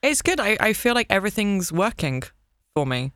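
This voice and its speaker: A British woman talks in a bright, smooth, clear voice, playful and animated, poking fun at herself as she chats. The sound is close and dry, with no room around it. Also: mid-range voice, normal speed, dry recording. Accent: British English. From Britain. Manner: playful, animated storyteller, self-mocking humor. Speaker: guest, English teacher. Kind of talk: casual interview chat.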